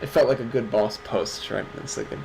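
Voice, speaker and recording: A man's voice: medium pitch, fairly quick, creaky, a little mellow, slight background noise, low-quality recording. A man co-hosting a livestreamed awards show, chatting casually with sarcastic jokes and casual swearing. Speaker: stream co-host. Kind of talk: casual stream chat.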